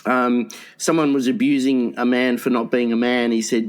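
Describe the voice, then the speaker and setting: A man co-hosting a crude comedy podcast, rambling and giggling, often jumping into high mocking voices. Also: flat delivery, normal speed. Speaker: podcast co-host.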